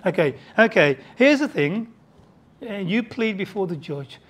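A preacher giving a sermon, emphatic and full of rhetorical questions, swinging between loud outbursts and hushed asides. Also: mid-range voice, lively intonation, a little slow.

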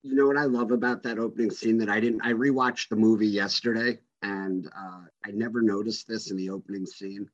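A man retells favorite movie moments in a casual podcast chat, slipping into the characters' lines as he goes. His voice sits low and easy. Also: steady tone, brisk, hardly any pauses, muffled recording. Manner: storytelling, retells scenes acting out the lines.

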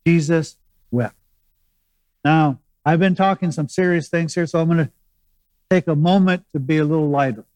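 A man's voice: fairly high pitch, a little mellow, no room sound, poor audio. A man preaching a sermon as pastor, explaining scripture in a conversational teaching manner with asides and restarts.

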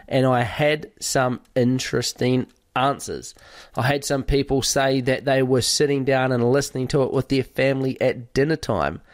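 A man's voice: mid-range voice, no echo. Conversational male podcast host, dry sound. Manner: conversational, explains with lists and fillers. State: recovering from a cold. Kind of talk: podcast monologue.

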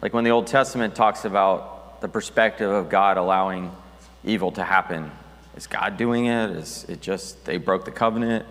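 A man's voice: deep voice, normal speed, fairly bright tone, big-room sound. A man preaching a sermon as pastor, talking conversationally with restarts and reading scripture aloud.

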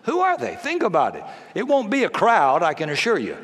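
A man's voice: high voice, huge pitch swings, a little fast. A male pastor delivering a sermon, telling stories with humor and emphasis. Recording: long reverb of a large hall.

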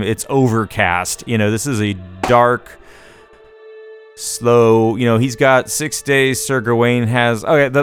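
A man in a casual movie podcast chat with a smooth, resonant voice. His delivery is emphatic and animated, and his pitch jumps up when he gets into a point. He sits at middle pitch for a man. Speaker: podcast co-host.

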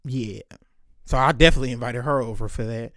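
A man's voice: medium pitch, steady tone, rapid-fire, a bit bright, dry recording, clean studio sound. A man telling stories in a casual monologue, talking candidly and swearing freely as he goes. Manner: candid, profane, and loose, with frequent swearing.

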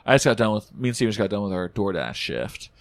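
A man's voice: on the low side, big pitch swings, quick pace, no echo. A young man hosting a podcast in rambling, playful casual chat, laughing often. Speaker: podcast host.

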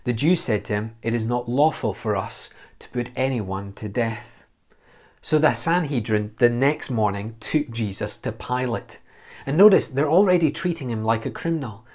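A man's voice: medium pitch, moderate pace, darkish tone. A man giving a verse-by-verse Bible teaching, earnest and explanatory, asking questions and answering them himself.

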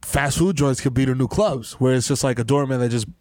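A man in casual comedic banter, slangy and quick to laugh. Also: medium pitch, darkish tone, no echo, studio quality.

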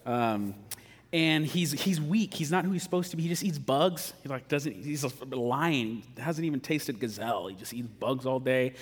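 A man's voice: mid-range voice, animated, normal speed, husky, long reverb tail. A man preaching a sermon in a casual, joking, conversational way. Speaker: pastor.

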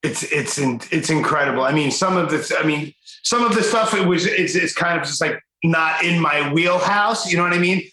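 An enthusiastic male podcast host who chats casually and calls his guest man. His voice is bright and fairly high. He sounds like he is in an echoey room. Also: normal speed, few pauses. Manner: enthusiastic, chummy, says man. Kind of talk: casual chat.

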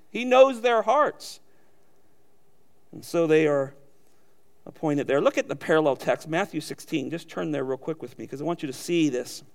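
A man preaching a sermon, swinging between emphatic raised passages and quiet low asides. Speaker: pastor.

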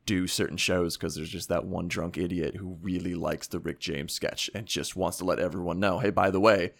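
A man hosting a podcast interview, asking questions in a wry, joking manner with long, quick runs of talk. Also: low voice, fairly even intonation, creaky, no echo. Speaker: podcast host.

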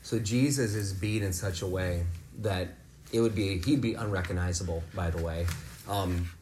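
A man leading a home Bible lesson for his kids, explaining scripture in a relaxed, conversational way. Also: sits low, normal speed, a little hiss or hum. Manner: rises to loud, fervent preaching, then talks softly and warmly with kids. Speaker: father leading a family devotion. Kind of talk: preaching to children at home.

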